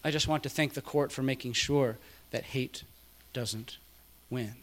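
A man's voice: medium pitch, unhurried. Man preaching a fervent sermon. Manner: quotes others, then rises to loud emphatic peaks. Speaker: pastor.

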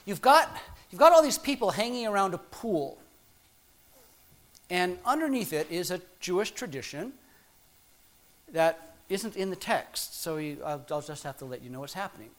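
A middle-aged man preaches in a loose, conversational manner. His voice sits fairly high for a man, and he often stumbles over restarts and fillers. He keeps a playful, teasing tone with his listeners. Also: animated, moderate pace, long pauses. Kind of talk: sermon.

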